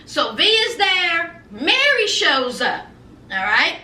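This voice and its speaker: A woman's voice: very high voice, very animated, slow pace, pushed and bright. A woman recapping a reality show in casual, sassy commentary, retelling the drama with slang and flair. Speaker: reality TV reviewer. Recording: echoey room, mic at a distance.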